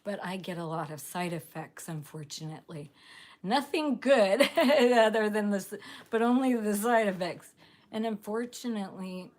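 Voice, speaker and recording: A woman's voice: medium pitch, expressive, normal speed. A woman hosting a casual live stream, bubbly and gushing, laughing often as she chats with viewers. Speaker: livestream host.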